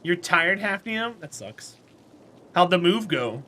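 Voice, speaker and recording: A talkative man streams a game while chatting with his viewers. His voice sits high and swoops animatedly, with a bright, forceful edge. He is friendly and answers his chat by name between laughs. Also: sing-song, slow, a little hiss or hum.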